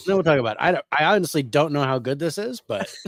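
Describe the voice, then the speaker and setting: A man's voice: a little high, expressive, quick pace, a bit bright, no room sound, clean studio sound. A man co-hosting a podcast, chatting casually and then reading a prepared history script while a bit under the weather. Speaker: podcast co-host.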